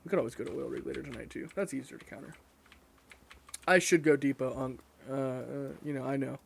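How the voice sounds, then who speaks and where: A fast-talking young man with a creaky, medium-pitched voice rambles through casual chat while streaming a game, with slight background noise audible. He curses often and mocks himself along the way.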